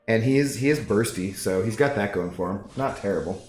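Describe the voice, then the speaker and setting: A man's voice: on the low side, a little fast, a little hiss or hum. A man streaming a game from his apartment, chatting in a laid-back, rambling way and reading viewers' chat aloud. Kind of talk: casual live-stream chat while gaming. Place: apartment living room. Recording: roomy echo with faint music.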